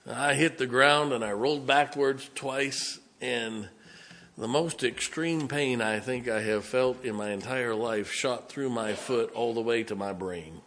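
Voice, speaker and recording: A man's voice: mid-range voice, fairly bright tone. A man, a pastor telling a story in a folksy, conversational sermon. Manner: folksy, conversational, dramatic pauses.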